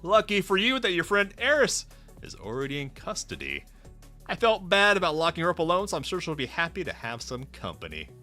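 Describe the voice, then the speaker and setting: A man's voice: on the high side, wildly swooping pitch, fairly quick, sharp tone, soft background music, pitched above the performer's own voice, exaggerated voice. A man voicing a strict female student council treasurer in a game, speaking in a scolding tone.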